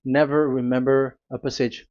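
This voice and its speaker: Halting man preaching a sermon, lo-fi. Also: medium pitch, level tone, darkish tone. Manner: halting, with frequent restarts and fillers; talks to the technician between readings. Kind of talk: sermon with scripture reading. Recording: dull lo-fi sound.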